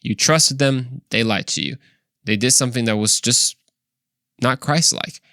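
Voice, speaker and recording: A man's voice: mid-range voice, a little slow, sharp tone, no echo, clean studio sound. A man hosting a faith podcast, talking earnestly and conversationally to the listener, often saying "man" and "bro". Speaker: podcast host. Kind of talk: casual faith podcast monologue.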